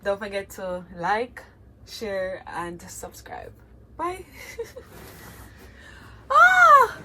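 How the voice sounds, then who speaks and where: A woman's voice: medium pitch, very animated, slow, a little hiss or hum, low-quality recording. A woman with a Jamaican accent speaks in an earnest, heartfelt way, talking straight to her viewers. Her voice sits in a middle register, and the delivery feels like a personal vlog reflection. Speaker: vlogger.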